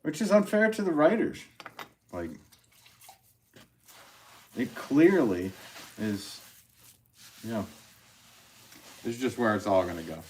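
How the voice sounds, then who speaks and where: A man's voice: mid-range voice, big pitch swings, slow pace, pauses often, darkish tone, slight background noise. A man who is a potter, chatting casually with viewers on a live stream, rambling and chuckling often as he reads comments.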